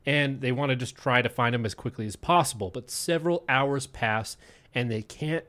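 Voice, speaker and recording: This is a man from Utah with an average-pitched voice, hosting a podcast and narrating a story in relaxed, conversational terms. He is profane and playful, and he stretches out the suspense. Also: moderate pace. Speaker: podcast host.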